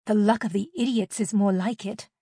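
An anxious young woman, loyal to her best friend, grumbling and fretful, as a woman narrator puts her on. The voice is of middle pitch, read close and dry. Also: steady tone, normal speed, dark tone, breathy edge, dry recording.

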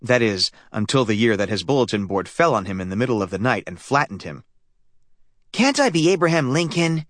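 A man narrating a children's audiobook in a lively storytelling manner. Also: lowish voice, quick pace, hardly any pauses, no echo, studio quality. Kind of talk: scripted narration.

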